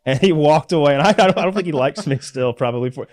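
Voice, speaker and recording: A man from Georgia in the US, a podcast guest telling lively, profane stories in casual chat. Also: on the high side, fast. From Georgia, USA.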